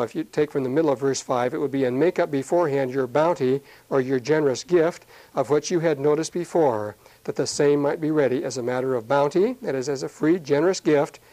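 A man teaching a Bible passage verse by verse, talking conversationally with many fillers and slowing down when he reads the scripture aloud. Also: mid-range voice, darkish tone, rough recording.

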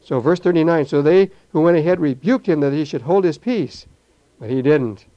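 An older man teaching verse by verse through a Bible passage, animated and acting out the voices in the story. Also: a little high, normal speed, muffled recording. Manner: animated, acts out voices, repeats words.

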